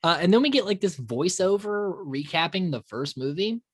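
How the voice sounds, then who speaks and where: Guy on a movie podcast, super animated, laughs a lot, restarts sentences, dry sound. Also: high-pitched, normal speed, breathy edge, dry recording. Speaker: podcast co-host. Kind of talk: casual movie review chat.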